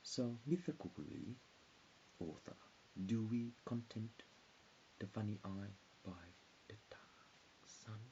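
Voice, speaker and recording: A man's voice: fairly low pitch, lively intonation, slow, gravelly, long pauses, dark tone. A man in his forties rambling in a disjointed stream of consciousness, often dropping into whispers. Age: 40s. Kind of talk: rambling monologue. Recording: dull hissy lo-fi recording.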